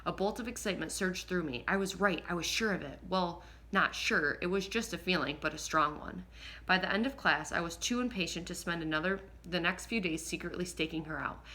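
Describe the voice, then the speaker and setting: A woman narrating a first-person audiobook in a lively, expressive way, now and then slipping and rereading a line. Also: fairly low pitch, brisk. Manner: lively, expressive reading with occasional slips and rereads.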